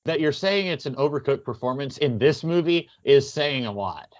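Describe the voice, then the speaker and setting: A man's voice: medium pitch, animated, normal speed, highs cut off. A man co-hosting a podcast, talking casually about a film with lots of fillers. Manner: chatty, many fillers, quotes lines in character. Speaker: podcast co-host.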